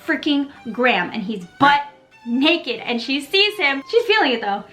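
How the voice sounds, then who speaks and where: A young woman recaps a TV episode in a playful, gossipy way, with sassy asides. Her voice sits a bit high and sounds bright and forceful. Soft music plays behind her. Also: sing-song, measured pace. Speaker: video creator recapping a TV episode. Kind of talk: casual recap commentary.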